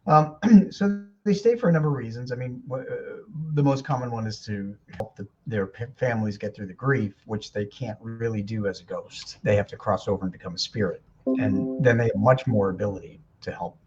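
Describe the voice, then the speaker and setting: Husky guy guest on a video call, calm explaining, keeps clearing his throat, muffled audio. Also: on the low side, fairly quick, faint music behind. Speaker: guest medium and author. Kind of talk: interview answers.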